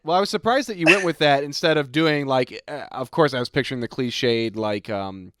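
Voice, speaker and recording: A man's voice: mid-range voice, brisk, fairly bright tone, clear, resonant tone, no room sound, clean studio sound. A man hosting a casual podcast chat, easygoing and teasing. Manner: easygoing and teasing, with light laughs.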